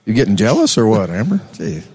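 A man's voice: fairly low pitch, huge pitch swings, quick pace, mellow, slightly rough. A man with a Texan accent, telling rambling stories as a musician guest on a casual chat show. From Texas. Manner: laid-back, rambling, laughs often.

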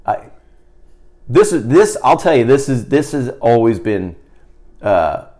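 A man's voice: mid-range voice, very animated, measured pace, a little mellow. A middle-aged man telling a school story in casual chat, rambling with restarts and dropping to a mutter in quoted lines.

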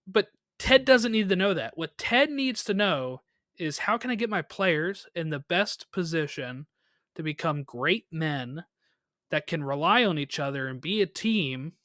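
Podcast co-host, casual recap chat, animated delivery, crisp tone, dry sound. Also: mid-range voice, dry recording. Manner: animated, quick bursts with laughs.

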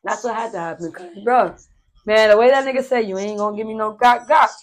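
A woman's voice: fairly high pitch, fast. A woman hosting a podcast in casual chat, blunt and profane, telling stories with lots of energy. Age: adult with a stepdaughter and son. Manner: blunt, profane, animated storytelling. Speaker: podcast host.

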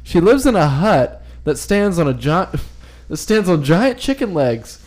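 A man's voice: sits high, sing-song, unhurried, darkish tone. A man co-hosting a podcast, reading folklore notes in a loose, joking way with lots of fillers and laughs. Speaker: podcast co-host. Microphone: phone.

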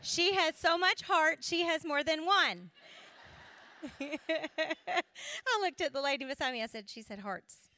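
Bright, high Southern woman telling stories. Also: lively intonation, slow, pauses often. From South Carolina. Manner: playful, chatty, laughs often. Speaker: guest speaker at a women's church gathering. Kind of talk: humorous storytelling to a live audience.

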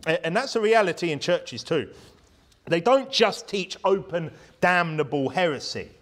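A man delivers a sermon in a church, his fairly high voice rising and falling with lots of movement. He speaks to the congregation casually and often ends his points with rhetorical questions. The delivery is animated and chatty. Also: normal speed. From United Kingdom. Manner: conversational, rhetorical tag questions, lively. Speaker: preacher. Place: church hall.

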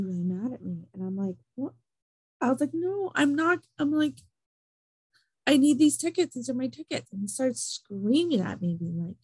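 A young woman telling an animated story in casual chat, filling her talk with "like". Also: mid-range voice, slightly rough, no echo, low-quality recording.

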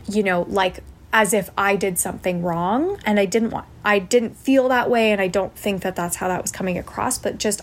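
A woman's voice: mid-range voice, steady tone, normal speed, a little hiss or hum. A woman podcast host telling a personal story in an earnest, reflective way, often tagging thoughts with "like" and "right?".

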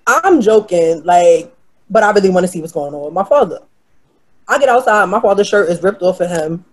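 A woman from New York telling a story in a brash, profane, animated way, acting out the other people's lines. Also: medium pitch, brisk, long pauses. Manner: brash, profane, animated retelling with quoted voices. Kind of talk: casual storytelling.

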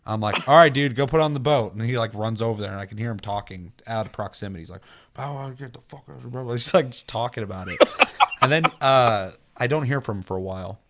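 A man's voice: lowish voice, quick pace, a bit bright. A young man, a streamer, telling a gaming story in casual chat, swearing a lot and acting out other players' lines.

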